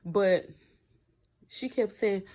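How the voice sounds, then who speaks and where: A woman with a mid-range voice stretches out her words as she recaps a TV episode in casual chat. She reviews it bluntly and animatedly, using plenty of slang and speaking straight to her viewers.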